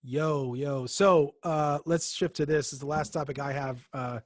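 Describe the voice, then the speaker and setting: A man's voice: fairly high pitch, steady tone, normal speed, no room sound, clean studio sound. A young man co-hosting a casual chat podcast, telling rambling stories with many restarts. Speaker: podcast co-host.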